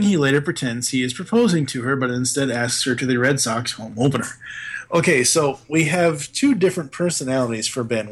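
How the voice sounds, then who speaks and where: A man's voice: mid-range voice, fairly bright tone. A man on a podcast, casually recapping a film's plot with lots of fillers and restarts. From Boston area. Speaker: podcast co-host. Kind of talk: casual movie discussion.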